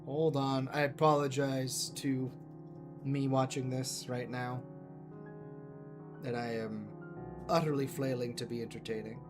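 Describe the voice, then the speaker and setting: Alone on his livestream with background music, the host muses about fantasy lore, rambling and poking fun at himself. He speaks in a mid-range, level voice, unhurried and pausing often.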